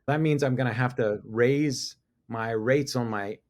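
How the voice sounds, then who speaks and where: A middle-aged business owner appears as a guest on a casual podcast, talking at a measured pace in an ordinary-pitched voice. Talkative and quick to laugh, he thinks aloud, often stopping and restarting his sentences.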